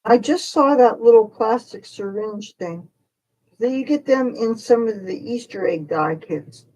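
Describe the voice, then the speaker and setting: A woman's voice: fairly high pitch, expressive, a little slow, darkish tone, dry recording, rough recording. A woman hosting a casual livestream, rambling with fillers and coaxing a bird in baby talk. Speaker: livestream host.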